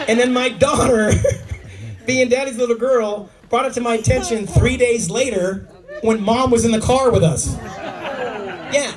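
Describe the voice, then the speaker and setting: A man's voice: very high-pitched, far from the mic, rough recording. A middle-aged man telling stories in a stand-up comedy set, acting out the lines of the people in them. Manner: storytelling, acts out people's lines. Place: comedy club stage before a live audience. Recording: audience recording from across the room. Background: loud laughing crowd.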